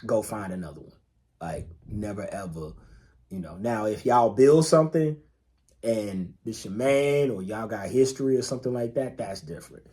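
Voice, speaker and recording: A man's voice: on the low side, moderate pace, warm tone. A man co-hosting a podcast in casual chat, laid-back and emphatic, swearing freely and repeating phrases to drive a point home. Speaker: podcast co-host.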